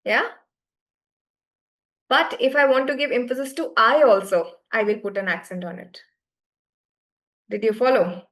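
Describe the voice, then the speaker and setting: A woman's voice: fairly high pitch, measured pace, pauses often, fairly bright tone. A woman teaching French to beginners in an online class, explaining patiently and often checking that students follow.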